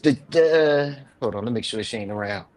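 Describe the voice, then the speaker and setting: A man hosting a live online panel, telling a rambling, profane story with big swings between loud and quiet, a little drunk. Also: medium pitch, expressive, fast talker, poor audio. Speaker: live show panel host.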